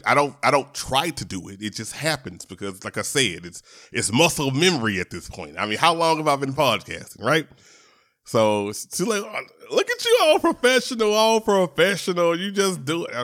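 A low-voiced man hosts his podcast, telling a story to his listeners in a loose, chatty way. He restarts and repeats words often and calls the audience y'all. The sound is close and dry on a podcast mic. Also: sharp tone, no echo. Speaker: podcast host. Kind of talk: casual storytelling monologue. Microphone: podcast microphone.

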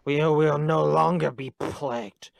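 A man's voice: on the high side, fairly even intonation, gravelly, no room sound. A man doing a menacing hunchbacked official. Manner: slow, threatening, drawn-out.

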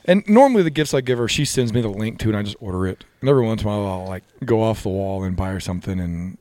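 Animated young man telling a story. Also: fairly low pitch, very fast, dry recording. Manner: animated storyteller, swings into loud excited outbursts. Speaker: podcast co-host. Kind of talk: casual chat among friends. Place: by a fire.

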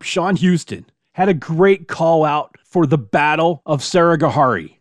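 A male podcast host narrating history in a chatty, self-deprecating way. His voice sits a little high. The sound is dry and close. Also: no echo.

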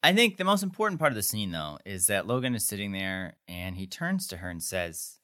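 His fairly low voice has a sing-song lilt, bright and forceful, at a fairly quick pace. As a podcast co-host, he loosely recaps a TV episode, rambling with plenty of "like" and dramatized quotes.

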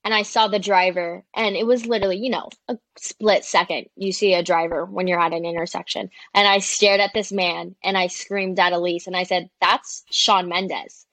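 A woman's voice: lowish voice, fairly quick, hardly any pauses, no echo. A young woman, a social media creator and interview guest, chatting animatedly and full of "like"s. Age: young adult. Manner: chatty and animated, many "like"s, quoting people. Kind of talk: casual storytelling in an interview.

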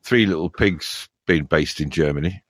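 A podcast host with a very deep voice, telling rambling stories with frequent chuckles. The sound is dry and close. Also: male voice, moderate pace, no room sound. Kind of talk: casual podcast chat.

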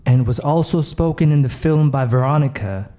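A man's voice: mid-range voice, moderate pace, dark tone. A man hosting a comedy game show, announcing in a rambling, stumbling way.

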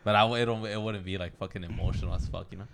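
A man's voice: low-pitched, steady tone, rapid-fire, gravelly, a little hiss or hum. A young man co-hosting a podcast, laid-back and slangy in casual chat. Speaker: podcast co-host.

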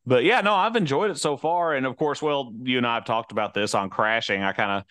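A man's voice: mid-range voice, a little fast, fairly bright tone, clear, resonant tone, no room sound. A man co-hosting a podcast, chatty, with a dry sarcastic sense of humor. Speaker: podcast co-host. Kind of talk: casual chat.

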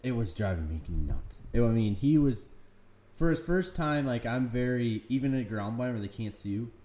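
A man's voice: mid-range voice, animated, moderate pace, mellow. A man casually chatting, teasing his friend while telling a hunting story. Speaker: guest. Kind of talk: casual chat.

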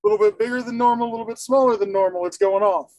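Casting: high-pitched male guest, plain explainer, dry close sound. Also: steady tone, rapid-fire, darkish tone, no echo, low-quality recording. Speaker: guest, former airport screener. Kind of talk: casual explanation.

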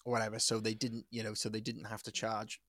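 A man's voice: on the low side, monotone, fast, fairly bright tone, no room sound, clean studio sound. A young man, co-hosting a podcast, telling a history story in a swearing, casual way and laughing often. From Wales. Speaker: podcast co-host. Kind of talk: casual chat.

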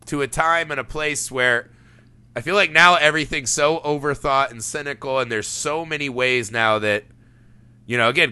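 A man hosting a podcast, chatting casually about a film, animated and laughing often with casual swearing. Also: mid-range voice, clean tone, no echo. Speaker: podcast host.

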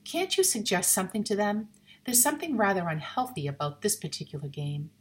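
A woman doing a gentle, uneasy lady at a party. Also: medium pitch, big pitch swings, brisk, natural voice. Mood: confiding. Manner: soft, worried, confiding. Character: gentle, anxious middle-aged lady guest.

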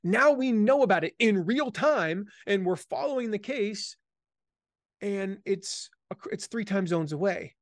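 A man from the American South speaking as an author and guest in a conversational interview, energetic and emphatic, repeating his key phrases. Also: sits high, measured pace, no room sound, studio quality. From Southern United States.

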